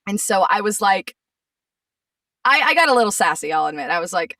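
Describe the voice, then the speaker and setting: A woman voice actress in a casual chat, telling stories in an animated, exasperated way. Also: medium pitch, a little fast, no echo, distant mic. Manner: animated storyteller, gets sassy and exasperated. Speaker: voice actress guest.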